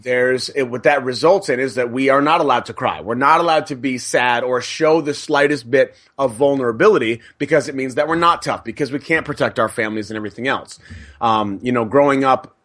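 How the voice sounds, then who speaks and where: A man on a podcast, making his case in an earnest, explanatory way. His voice sits at an ordinary middle pitch, and he backs up his points with numbers. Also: brisk, fairly bright tone. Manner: earnest, explanatory, cites statistics. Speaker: podcast co-host. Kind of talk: casual podcast discussion.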